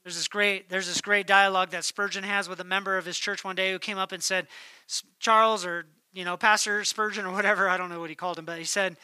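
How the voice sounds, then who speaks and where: A man preaching a sermon as pastor, swinging between emphatic declarations and hushed, near-whispered lines. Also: sits high, fairly even intonation, quick pace, clean tone, no room sound. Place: church.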